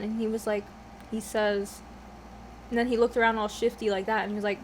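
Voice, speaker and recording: A woman's voice: on the high side, little pitch movement, fairly quick, pauses often, darkish tone, slight background noise. A young woman vlogging at home, chatting casually while she eats, rambling off topic, swearing often and laughing a lot. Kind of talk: casual mukbang chat.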